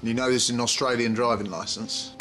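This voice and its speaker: A man plays a skeptical sitcom barman who fires off flat, doubting questions at a brisk pace. His voice is bright and forward, with faint music underneath. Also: medium pitch, natural voice. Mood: suspicious. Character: skeptical adult male barman.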